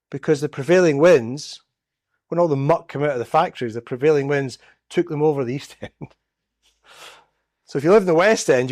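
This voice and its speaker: Man giving a lively talk. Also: a little high, no room sound, clean studio sound. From Scotland. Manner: storytelling, acts out quoted voices. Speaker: guest speaker. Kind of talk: public talk. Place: church.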